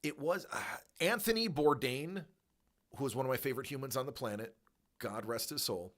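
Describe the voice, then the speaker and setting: A man's voice: medium pitch, fairly quick, a bit bright. A man hosting a livestream, chatting casually and rambling through tangents with fillers and laughter. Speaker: livestream host.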